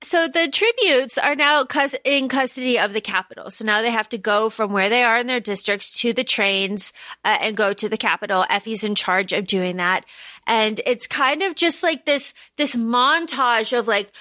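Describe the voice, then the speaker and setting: Bright high-voiced woman podcast co-host. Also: moderate pace, dry recording, studio quality. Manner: animated, quotes characters in exaggerated voices, swears casually. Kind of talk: casual chat recapping a movie.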